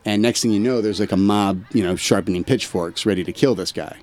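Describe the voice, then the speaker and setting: Laid-back man with a low voice. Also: fairly quick, darkish tone. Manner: loose, conversational, slangy storytelling. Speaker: podcast guest, army veteran. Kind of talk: casual storytelling chat.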